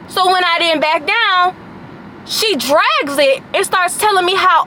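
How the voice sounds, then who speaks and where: A 21-year-old woman vlogger telling a casual storytime in an animated, slangy, sassy way. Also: very high-pitched, measured pace, a little hiss or hum.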